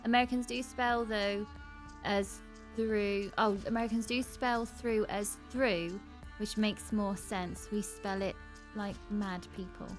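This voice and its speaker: A woman's voice: medium pitch, fairly even intonation, measured pace, soft background music. A woman co-hosting a casual late-night chat with her husband, teasing him and laughing often. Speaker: co-host.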